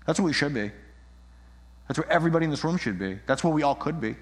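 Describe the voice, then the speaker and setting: A man preaching a sermon, animated, acting out little scenes and shifting his voice as he argues. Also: fairly high pitch, fast talker. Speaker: pastor. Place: church. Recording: long reverb in a hall.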